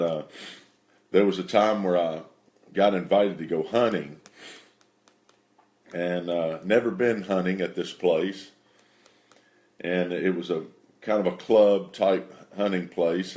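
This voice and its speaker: Deep-voiced man, folksy faith storyteller, relaxed, easygoing delivery. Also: takes it slowly, long pauses. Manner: folksy, relaxed, many fillers and restarts. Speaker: host telling testimony stories.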